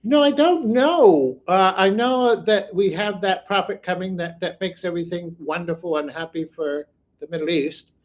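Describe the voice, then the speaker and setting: A man with a fairly high voice hosts a live viewer Q&A on his own channel. He rambles and thinks out loud as he answers, and often circles back on his own sentences. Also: steady tone, normal speed. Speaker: psychic channel host.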